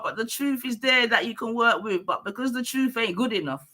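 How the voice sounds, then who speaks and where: A man's voice: very high voice, expressive, fairly quick, pushed and bright. A man with a London accent hosting a live stream debate, confrontational and full of street slang.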